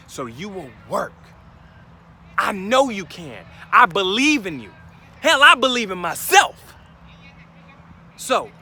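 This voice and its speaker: A man with a high, pushed, bright voice gives an emphatic, preachy motivational talk outdoors, speaking straight to his listeners. There is slight background noise.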